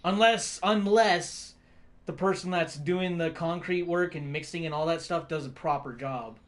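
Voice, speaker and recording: A man's voice: on the high side, normal speed. A man, chatting casually as a streamer, rambling, swearing constantly and laughing often. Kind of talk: casual chat.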